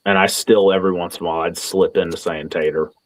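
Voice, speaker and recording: A man's voice: deep voice, steady tone, quick pace, no echo. A man and podcast co-host, telling laid-back stories in casual chat and swearing freely.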